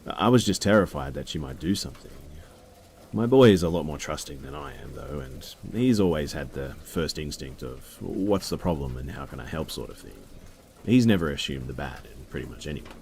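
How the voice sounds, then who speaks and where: A man narrating a true story in a steady, low-key storytelling manner. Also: moderate pace, gravelly, a little hiss or hum. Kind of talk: reading a story aloud.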